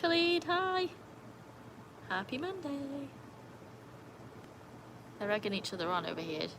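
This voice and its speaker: A young woman hosting a casual live stream by a pool at night. She chats, laughs often and calls to her dogs in a high sing-song voice. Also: very animated, moderate pace, noisy background. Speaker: livestream host. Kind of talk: casual live-stream chat reading comments.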